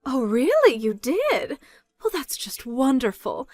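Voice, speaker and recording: Woman doing a domineering, mocking middle-aged mother; high, dry, close-miked story read. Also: huge pitch swings, slow pace, no echo, full character voice. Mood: pushy. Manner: mocking, loud, rising in pitch when scolding. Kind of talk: dramatized story narration.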